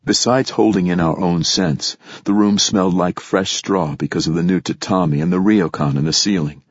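A man narrating an audiobook in a measured, reflective storytelling manner. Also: deep voice, steady tone, husky, no echo, dull audio. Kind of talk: scripted narration.

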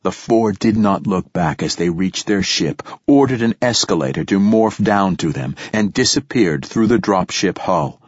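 Deep, husky male narrator. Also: animated, moderate pace, hardly any pauses, no echo, lo-fi sound. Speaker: audiobook narrator. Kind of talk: scripted narration.

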